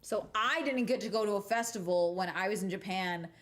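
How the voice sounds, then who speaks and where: A woman's voice: medium pitch, fairly quick. A young woman streaming from home, chatting casually and bluntly, swearing freely and laughing often. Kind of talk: casual livestream chat.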